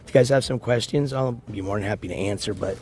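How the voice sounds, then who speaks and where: A man livestreaming from a beach in the morning, hoarse and losing his voice, rambling as he walks and shouts out viewers in chat. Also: fairly low pitch, fast, a little hiss or hum. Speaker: IRL livestreamer. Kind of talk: casual live-stream chat.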